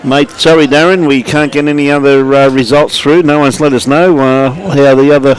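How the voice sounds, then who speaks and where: A man's voice: on the high side, fairly even intonation, moderate pace. An Australian man giving live lawn bowls commentary at the club, chatty, greeting viewers by name and calling everyone mate.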